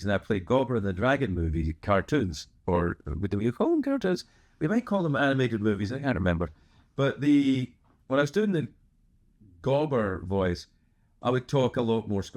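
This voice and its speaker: A man from Scotland with a Scottish accent softened toward American, hosting a podcast in a casual, rambling, animated monologue full of asides. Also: lowish voice. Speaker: podcast host.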